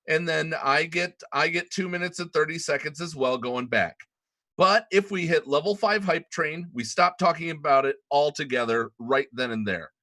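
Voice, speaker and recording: A man's voice: fairly high pitch, pushed and bright. A man co-hosting a casual podcast, stammering often and laughing a lot. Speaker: podcast co-host.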